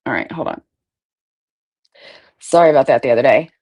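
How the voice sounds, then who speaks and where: A woman's voice: extremely low pitch, a little fast, a little mellow. A woman hosting a casual livestream, greeting viewers by name and swearing freely. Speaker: livestream host.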